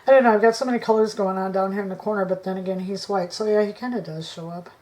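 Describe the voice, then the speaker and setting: A woman vlogging her craft work to camera on a tripod, thinking aloud, indecisive, often dropping into soft mutters. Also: mid-range voice, fairly even intonation, fast. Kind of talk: casual crafting chat to camera.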